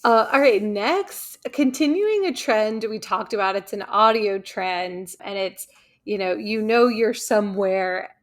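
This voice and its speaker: A woman with a Long Island accent hosts a relaxed podcast conversation. She talks easily, keeps things moving and laughs often at her co-host's jokes. Her voice sits at a middle pitch. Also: a little slow. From Long Island, New York. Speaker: podcast host. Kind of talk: casual chat.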